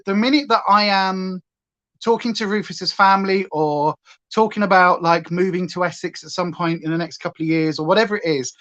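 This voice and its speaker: A woman's voice: mid-range voice, a bit bright. A woman from Hampshire with a clipped, near-standard southern English accent, chatting casually and rambling on her makeup livestream with many fillers. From Hampshire, England. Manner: chatty, tangent-prone, lots of fillers. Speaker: livestream beauty host.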